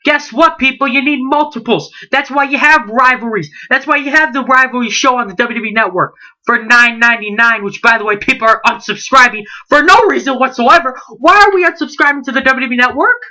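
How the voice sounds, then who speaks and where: In a high voice that's pushed and bright, a teenage wrestling vlogger in his late teens rants a little fast. He's heated and indignant, repeating himself and rattling off rhetorical questions.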